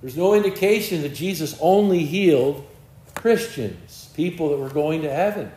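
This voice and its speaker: An earnest male preacher delivers a sermon and repeats words as he gathers his thoughts. His voice sits a little high. The room around him has a clear echo. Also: animated, moderate pace, warm tone. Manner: earnest, repeats words while searching for them.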